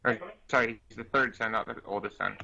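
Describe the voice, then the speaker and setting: A man narrating a tabletop game as game master, halting and restarting as he goes. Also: on the low side, fairly even intonation, gravelly, bright, forceful tone, highs cut off, slight background noise. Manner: halting, full of fillers and restarts.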